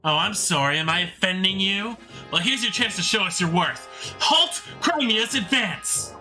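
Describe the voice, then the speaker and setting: A man's voice: high-pitched, lively intonation, unhurried, pushed and bright, faint music behind, full character voice. A man voicing a cruel, sneering female general from a fantasy game, mocking and contemptuous.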